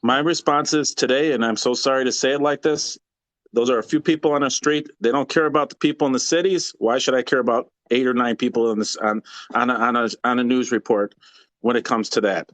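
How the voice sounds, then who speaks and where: A man's voice: mid-range voice, fairly even intonation, a little fast, fairly bright tone, no echo. A man calling into a live show, arguing in an aggravated, rambling way and often restarting his sentences. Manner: aggravated, rambling, repeats himself. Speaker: caller. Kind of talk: heated call-in debate.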